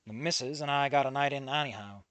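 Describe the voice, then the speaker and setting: A man's voice: medium pitch, fast talker, a bit bright, clear, resonant tone, dry recording, lightly acted. Smarmy nasal cabbie who loves to needle his passengers, voiced by a man reading a story. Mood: smug. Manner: mocking, teasing. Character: smarmy nosy middle-aged male cab driver.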